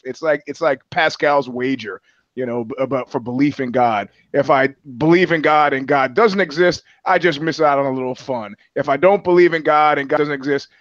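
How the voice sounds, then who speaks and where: A man's voice: a little high, fairly bright tone, no echo, muffled recording. A man in casual comedic podcast chat, rambling and profane, restarting his sentences often. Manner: rambling, profane, full of restarts and put-on voices. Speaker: podcast co-host.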